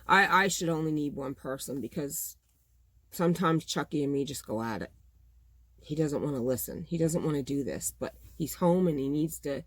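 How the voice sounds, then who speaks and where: A woman's voice: sits low, moderate pace, husky, no room sound. A middle-aged woman chatting casually to her viewers, venting in an exasperated, talkative way about running her small business. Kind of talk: casual chat to camera.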